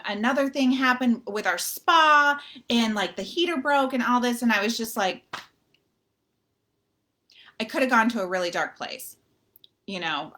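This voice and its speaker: A woman's voice: fairly high pitch, a bit bright. A woman hosting a live video, talking casually and chattily to her viewers, rambling a little and calling them "you guys". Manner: rambling, full of fillers and restarts. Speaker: motivational author and group host.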